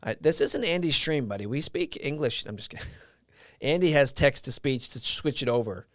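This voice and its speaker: A man's voice: mid-range voice, animated, moderate pace, a bit bright, dry recording, studio quality. A man hosting a casual livestream, telling a story in a loose, rambling way with lots of fillers and restarts. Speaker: live stream host.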